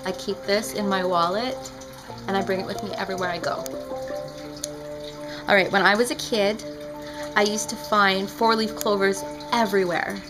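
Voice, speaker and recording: A woman's voice: mid-range voice, fairly even intonation, normal speed, long pauses, over music, low-quality recording. A young woman chatting casually in a home vlog, playful and goofy, slipping into sing-song. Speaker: vlogger. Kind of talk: casual vlog with silly made-up songs. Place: indoors at a window at home. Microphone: camera mic.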